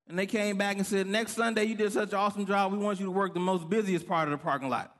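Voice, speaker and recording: High-voiced animated preacher man. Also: fast talker. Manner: animated storytelling, acts out voices. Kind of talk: sermon with storytelling.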